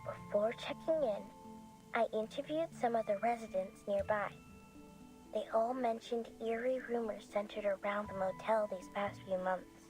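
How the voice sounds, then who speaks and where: An actress voicing a frail, soft-spoken woman on the phone, polite and measured. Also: medium pitch, soft background music, close to an everyday voice, poor audio. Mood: hushed.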